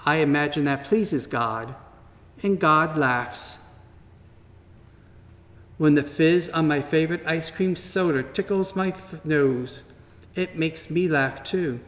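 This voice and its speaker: A man slowly and gently reading a children's story aloud at church, in a wondering tone with pauses. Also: a little high. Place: church sanctuary. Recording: long reverb from a large hall.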